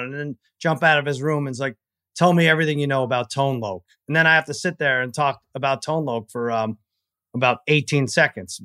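A middle-aged man co-hosting a sports podcast, telling family stories in a rambling, halting, self-deprecating way. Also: mid-range voice, fairly bright tone, dry recording, clean studio sound. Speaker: podcast co-host. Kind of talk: casual storytelling chat.

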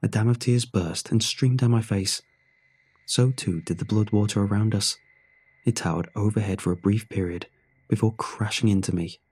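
A man narrating a first-person horror story in a somber, measured way. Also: on the low side, a little mellow, husky.

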